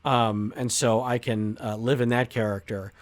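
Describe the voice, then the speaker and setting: A man's voice: mid-range voice, fairly even intonation, normal speed. A man, an actor, chatting easily as a podcast guest and using lots of fillers along the way. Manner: easygoing, chatty, with many fillers. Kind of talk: casual interview chat.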